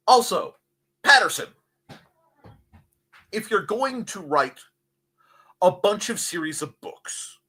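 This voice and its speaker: Animated, bright-voiced man hosting a livestream. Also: high-pitched, drawn-out words, long pauses, slightly rough. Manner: rambling, jokey, animated asides. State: slightly hoarse. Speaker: livestream host. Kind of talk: casual livestream chat reading comments.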